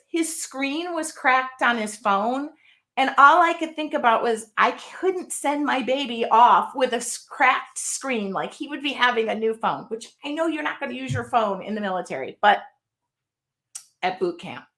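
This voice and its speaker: A woman's voice: high voice, lively intonation, normal speed, vocal fry, fairly bright tone. A woman in her fifties hosting a casual chat, telling a rambling, heartfelt story. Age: 50s. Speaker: host.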